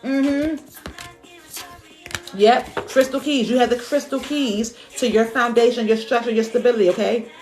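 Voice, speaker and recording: A woman's voice: fairly high pitch, steady tone, normal speed, a little mellow. A woman giving a casual spiritual card reading on a live stream, repeating her words to encourage viewers. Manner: repetitive, encouraging, emotional, colloquial. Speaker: live-stream tarot reader. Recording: echoey room with faint music.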